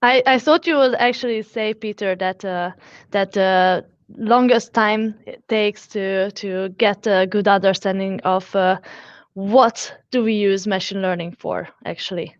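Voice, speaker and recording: A woman moderating an online panel discussion, hesitant and quick to laugh, heard over a video call. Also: medium pitch, steady tone, no room sound, highs cut off.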